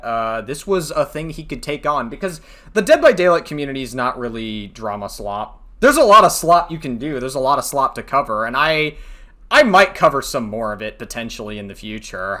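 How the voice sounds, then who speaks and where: A man with a bright, forceful voice and a middle pitch rambles through online drama commentary. He swears freely, trails off into fillers, and laughs at his own jokes. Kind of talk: casual commentary.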